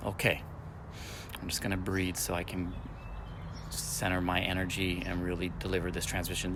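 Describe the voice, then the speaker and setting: A spiritual teacher in his forties speaks in a fairly low voice, repeating phrases like affirmations as he teaches. A faint hum of passing traffic sits under his voice. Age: 40s.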